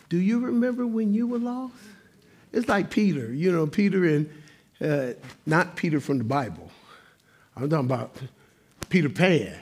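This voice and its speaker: Animated, husky-voiced male preacher. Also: high-pitched, normal speed. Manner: animated, conversational preaching with humor; lively, swings between loud exclamations and quiet asides. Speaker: pastor. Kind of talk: sermon.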